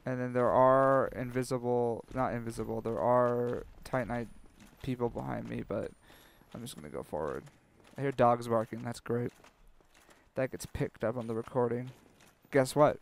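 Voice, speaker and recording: Young guy narrating his gameplay, sarcastic and sweary, jokes at his own expense, ordinary pitch. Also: steady tone, moderate pace, vocal fry. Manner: sarcastic, self-mocking, swears, panics loudly. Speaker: let's play commentator. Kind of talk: casual gameplay commentary.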